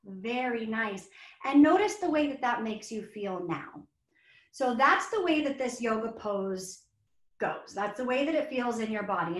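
A woman's voice: fairly high pitch, fairly bright tone. A woman leading a children's yoga breathing exercise in a webinar, speaking in a soothing, encouraging way to both kids and teachers. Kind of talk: guided yoga instruction in a webinar. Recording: roomy echo.

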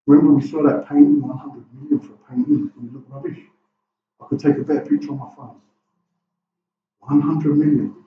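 A male pastor preaches with passion in a church hall, firing one rhetorical question after another. His voice sits a little high for a man. He is caught from across a roomy, echoing space on a dull recording. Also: fairly even intonation, a little fast, long pauses. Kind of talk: sermon. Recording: echoey, distant, dull room recording.

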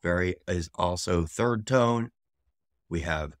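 A man teaching a casual video lesson, slowly repeating each word several times with relaxed fillers. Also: deep voice, dry recording, studio quality. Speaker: language teacher.

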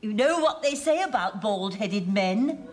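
A woman's voice: medium pitch, lively intonation, unhurried, lightly acted. An actress playing a coquettish, flirtatious middle-aged woman in a sitcom. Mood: coy. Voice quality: coy, flirtatious. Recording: loud hiss on old TV soundtrack.

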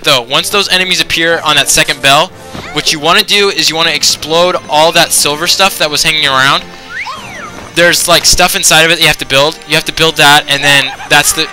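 A man's voice: on the high side, pushed and bright, low-quality recording. A man giving casual video game commentary, rambling with lots of fillers and often exasperated at the game. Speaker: let's play host.

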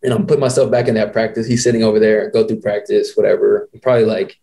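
A man in his twenties hosting a podcast, telling a story in an animated, slangy way. He often acts out other people's lines. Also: fairly low pitch, quick pace, creaky, hardly any pauses. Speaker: podcast host. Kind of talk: casual storytelling.

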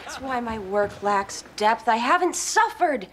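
Brief: self-absorbed teen artist, high and swooping, slow and drawn out, hissy track. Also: female voice, animated, fairly bright tone, a faint crowd. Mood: self-pitying. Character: melodramatic self-absorbed teenage girl artist.

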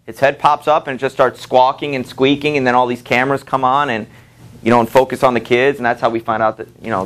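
A man lectures his high school literature class in a relaxed, conversational way, with plenty of fillers and quick asides to the students. He reads passages from the book aloud and voices the characters' lines as he goes.

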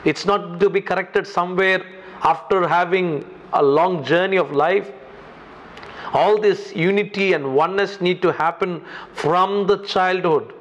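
A man from India preaches in English with an Indian accent, hammering points home through repetition. His voice sits somewhat high for a man. The recording sounds muffled and lo-fi. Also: measured pace, fairly bright tone. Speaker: pastor. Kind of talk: sermon.

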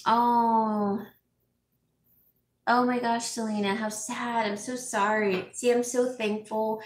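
Speaking slowly with a flat delivery and a highish voice, a middle-aged home stager who vlogs reads her viewers' comments. She's teary and sniffling, though still laughing and dropping fillers often, in an echoey room during this casual chat.

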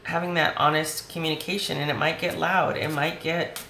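A woman reads tarot cards for her viewers, chatty and reassuring as she speaks right to them. Her voice is hoarse and gravelly from talking. The sound is roomy and echoey, with a faint hiss behind it. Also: low-pitched, steady tone, fairly quick, bright, forceful tone. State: voice going hoarse. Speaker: tarot reader. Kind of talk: tarot reading video.

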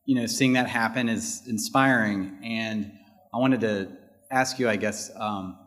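A man's voice: lowish voice, unhurried, a bit bright. A man in the audience asking a question at a panel, hesitant and full of fillers.

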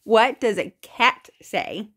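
A woman's voice: fairly high pitch, slow, a bit bright, slightly rough. A woman in a home video, patiently quizzing a toddler with encouraging, sing-song questions. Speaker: parent.

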